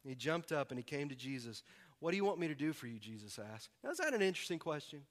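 A man from the preaching a sermon, animated and acting out voices with humor. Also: a little high, fast. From American South. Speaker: pastor.

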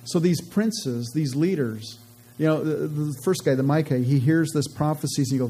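Husky, very dark-voiced male Bible teacher. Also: mid-range voice, fairly quick, low-quality recording. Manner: reads verses then explains loosely with restarts. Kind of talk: scripture reading with casual commentary.

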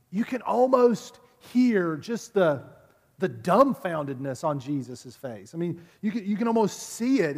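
A man with a notably high voice preaches a sermon at a church service, chatty and conversational, doubling back on words as he presses his point. His voice rings out with a long reverb, as if carried through a big hall. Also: big pitch swings, unhurried. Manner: conversational, repeats words while building a point. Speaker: pastor.

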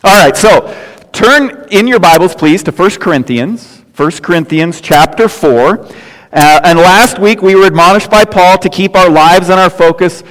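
A man's voice: high voice, moderate pace, fairly bright tone. An older man preaching a sermon as pastor, telling folksy stories and jokes with casual asides. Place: church sanctuary. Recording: long hall reverb.

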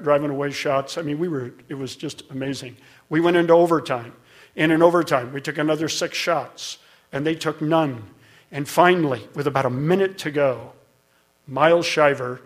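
A middle-aged man preaching a sermon, telling a story in a conversational way and building to emphatic peaks. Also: on the high side. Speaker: pastor.

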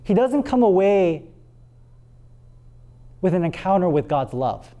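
Mellow-voiced male preacher. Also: high voice, sing-song, dull audio. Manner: dramatic pauses, repeats words for emphasis. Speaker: pastor. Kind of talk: sermon.

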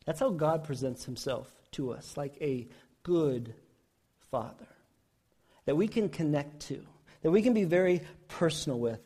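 High-voiced man preaching with passion. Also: a little mellow. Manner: impassioned storytelling, rising and falling intensity. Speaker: pastor. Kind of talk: sermon.

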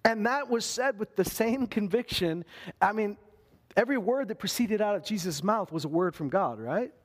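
A man preaching a sermon, talking straight to his listeners and jumping into panicked voices when he acts out a scene. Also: moderate pace. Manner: animated, acts out panicked voices with big pitch swings. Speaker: pastor.

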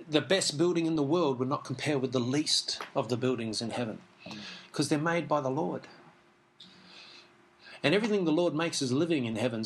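Brief: man, Bible teacher, relaxed talk, mid voice. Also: mid-range voice, slight background noise. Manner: reads scripture aloud, easygoing and chuckling. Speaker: Christian teacher.

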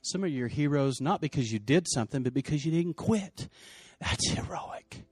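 A male pastor preaching a sermon, telling the story in lively, casual slang and acting out the people's lines. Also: a little high, normal speed, slightly rough, dry recording, clean studio sound.

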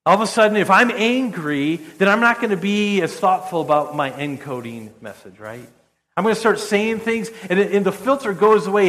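A man's voice: high voice, a bit bright. Man preaching in an echoing hall. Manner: conversational, repeats words when restarting. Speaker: pastor. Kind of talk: sermon. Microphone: standing while speaking.

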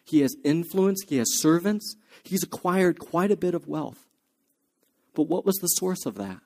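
A man's voice: a little high, animated, unhurried, creaky, darkish tone. Male pastor, earnest sermon delivery, rhetorical questions, slightly raised voice.

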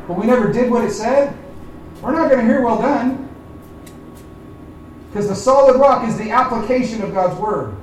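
A man preaching as pastor to his congregation. He builds up to loud emphatic points, then drops to a quiet, slow prayer. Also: extremely high pitch, slight background noise. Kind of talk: sermon. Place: church sanctuary. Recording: echoey church room from far off.

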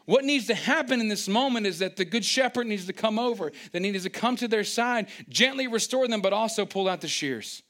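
A man delivers a lively sermon in a somewhat high voice. He acts out little scenes with sudden excited outbursts, then drops into quieter, wry asides to the congregation. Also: brisk, few pauses. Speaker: pastor.

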